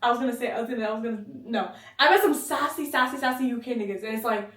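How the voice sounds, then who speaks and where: A young woman co-hosting a casual podcast chat, animated and joking, often trailing off and restarting. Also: a little high, rapid-fire. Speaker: podcast co-host. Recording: roomy echo, mic at a distance.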